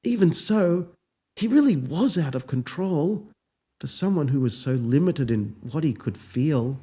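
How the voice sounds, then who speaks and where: A man, a professor, narrating a story in a dry, deadpan, unhurried manner. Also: a little high, breathy edge.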